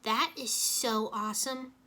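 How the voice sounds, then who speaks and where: A curious young woman ninja speaks in eager, exclaiming bursts, voiced by a woman reader. The voice is high and bright. It feels like a storybook being read aloud. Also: a little slow. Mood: excited.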